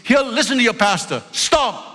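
Brief: male pastor, high bright voice, emphatic sermon, big reverberant church hall. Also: big pitch swings, normal speed. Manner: emphatic, loud, swings between shouting and low storytelling asides. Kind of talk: preaching a sermon. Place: church sanctuary. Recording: long reverb of a large hall.

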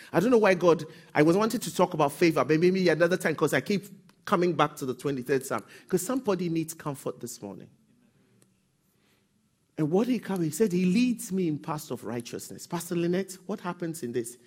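A male pastor preaches to his congregation, his pitch swinging widely as he builds and falls back. His voice is husky and sits a little high, and he often drives his lines up toward a shout and calls for responses. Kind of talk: sermon.

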